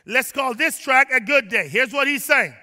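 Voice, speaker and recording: Preaching at normal speed in a church sanctuary that sounds like a large hall, a male pastor pushes emphatically from shouts down to low asides, urging his congregation to respond.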